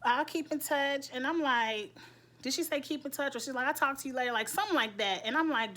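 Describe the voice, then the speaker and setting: A woman with a fairly high, slightly bright voice chats casually as a TV recap vlogger reviewing an episode of a show. She laughs often and quotes characters in funny voices.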